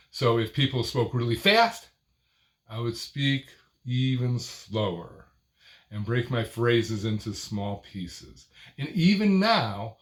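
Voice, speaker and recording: An older man gives an instructional talk at a very unhurried pace, breaking his speech into short phrases and leaning on a word near the end of each. His tone is expressive and melodic, with a voice of middling pitch. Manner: expressive, sing-song phrasing. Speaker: speaking coach.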